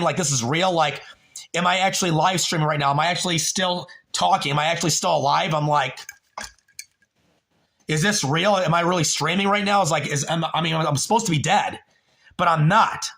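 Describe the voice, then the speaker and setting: A man's voice: on the high side, a little fast, gravelly, a bit bright. A man on a home livestream, talking emotionally and rambling, with frequent swearing, addressing a viewer by name.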